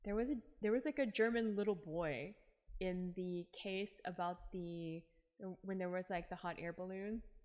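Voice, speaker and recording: A woman's voice: on the low side, normal speed, a little mellow. A woman streamer chatting casually while reading a game, giggly and self-mocking. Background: game music.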